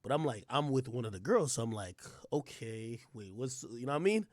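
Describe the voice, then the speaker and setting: A young man streaming, telling a crude story in a casual, profane way, swinging from low mumbles to loud outbursts. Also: fast, dry recording, studio quality. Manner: animated, profane, swings between mumbling and yelling.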